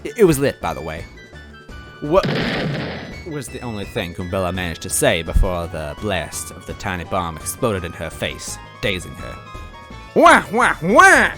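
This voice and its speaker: A man reads a story aloud in the first person with an animated, lively delivery. He breaks off for wry asides to the listener, and faint music plays underneath. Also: low voice, fairly quick, hardly any pauses. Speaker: story reader. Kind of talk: dramatic fan-fiction reading.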